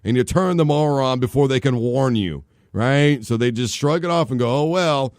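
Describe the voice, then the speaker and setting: A man's voice: medium pitch, fairly quick, no room sound. A man hosting a sports talk show in a studio, joking and spinning long comic comparisons. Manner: animated, jokey, tells long comic analogies. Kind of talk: casual sports radio talk. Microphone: studio microphone.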